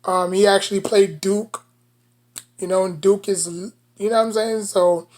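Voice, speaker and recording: A woman's voice: mid-range voice, fairly even intonation, moderate pace, a little mellow. A woman with a New York accent giving casual basketball commentary as a sports vlogger, rambling and leaning on "you know" between thoughts.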